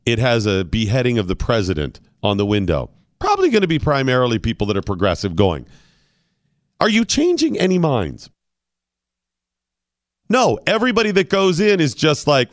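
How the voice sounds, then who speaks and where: A man's voice: medium pitch, big pitch swings, normal speed, no room sound, studio quality. A male radio host giving argumentative, opinionated commentary and firing off rhetorical questions.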